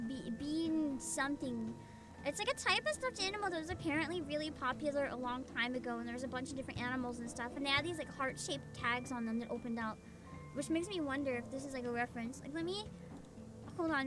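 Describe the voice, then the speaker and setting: A young woman on a casual gaming livestream, chatting and reading scenes aloud. Her voice is high, and she bursts easily into loud outcries. Game music plays clearly underneath. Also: expressive, fast talker. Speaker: streamer.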